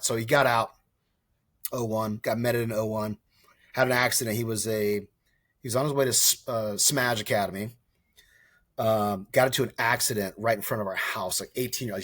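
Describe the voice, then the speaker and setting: A man's voice: on the low side, fairly even intonation, fairly quick, a bit bright, no echo. Rambling, casually profane man of about forty. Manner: rambling, restarts and corrects himself often; casual and profane, acts out quoted dialogue. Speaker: podcast guest, former soldier and wildland firefighter. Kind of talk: casual storytelling interview.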